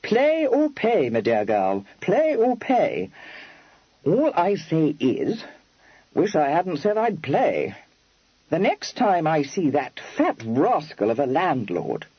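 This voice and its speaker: A man voicing a blunt, gloomy young gentleman who talks in clipped, slangy bursts. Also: fairly high pitch, wildly swooping pitch, takes it slowly, breathy edge, dry recording, highs cut off, voice pushed up, heavily acted. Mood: grumbling.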